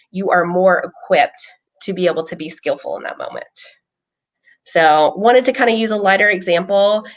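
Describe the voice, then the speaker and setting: A woman speaking as a behavioral health clinician, casually telling a personal story with frequent ums. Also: medium pitch. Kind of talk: casual explanatory chat.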